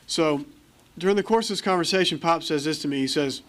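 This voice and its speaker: A man's voice: on the high side, fast talker, a bit bright. An American man speaking at a recovery meeting, telling his story candidly and acting out the voices of people in it. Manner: candid storytelling, acts out quoted dialogue. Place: meeting hall.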